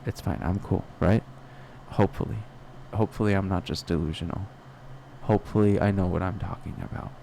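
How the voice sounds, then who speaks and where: A man's voice: low-pitched, fairly even intonation, brisk, creaky, dark tone, a little hiss or hum. A young man talking alone on a podcast in a rambling, self-questioning way, full of restarts and fillers. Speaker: podcast host. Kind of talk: personal reflective monologue.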